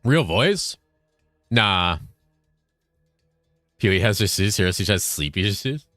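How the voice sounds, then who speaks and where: Low-voiced man, dry streamer banter. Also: measured pace, no room sound, faint music behind. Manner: fairly monotone, dry banter. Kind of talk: casual chat while gaming.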